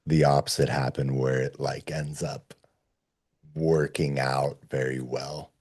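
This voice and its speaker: A man leading a men's group on a casual video call, plainspoken and relaxed. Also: extremely low pitch, slow pace, breathy edge.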